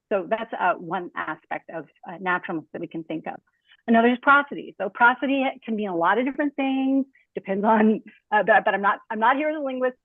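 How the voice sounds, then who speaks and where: A woman's voice: mid-range voice, no echo. Woman panelist on a video call, casual explainer with fillers, dry tinny line. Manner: conversational, many fillers, acts out spoken examples. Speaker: panelist speaking as a designer. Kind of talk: online talk on speech design. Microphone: computer mic on a video call.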